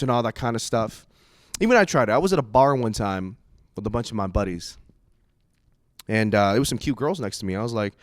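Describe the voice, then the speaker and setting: A man's voice: mid-range voice, dry recording. Guy doing stand-up, voice jumps all over, dry close mic, lots of put-on voices. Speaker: stand-up comedian. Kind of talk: stand-up comedy set.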